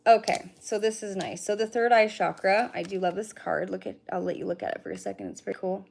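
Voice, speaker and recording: Fast and fairly even in intonation, this middle-aged woman's mid-range voice carries vocal fry and a slightly mellow quality. She does a casual, chatty oracle card reading on a livestream, swearing now and then and talking directly to her viewers. A bit of hiss or hum is audible.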